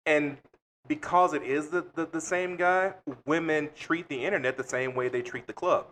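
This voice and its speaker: A man's voice: a little high, normal speed, a little hiss or hum. A man co-hosting a podcast, telling a story in casual chat with blunt, profane delivery. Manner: blunt, profane, animated retelling. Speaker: podcast co-host.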